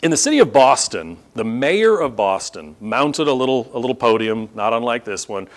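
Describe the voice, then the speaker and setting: Standing at a podium in a church sanctuary, a male pastor delivers a sermon in a mid-range, sing-song voice at a moderate pace. He fires rhetorical questions at the congregation and acts out incredulous reactions.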